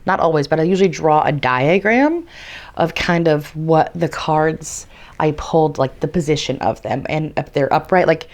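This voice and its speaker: Chatty low-voiced woman vlogger. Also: normal speed, a little mellow. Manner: chatty, frequent "like" and "um" fillers, casual swearing. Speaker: tarot content creator. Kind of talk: casual instructional vlog.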